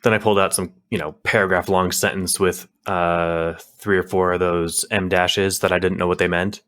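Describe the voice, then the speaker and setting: Low-voiced rambling man chatting. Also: little pitch movement, moderate pace, a bit bright. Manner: rambling, many fillers and restarts. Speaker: podcast co-host. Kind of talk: casual chat.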